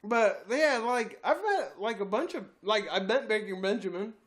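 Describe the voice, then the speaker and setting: High, lively man telling rambling stories. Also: moderate pace. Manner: laughing, profane, rambling anecdotes. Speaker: podcast co-host. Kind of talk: casual storytelling chat.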